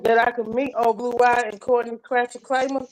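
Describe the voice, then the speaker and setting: Woman, somewhat high voice, casual live-chat guest, rambling and laughing. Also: level tone, brisk, poor audio. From North Carolina. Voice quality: loud laughing, rambling with repeated restarts.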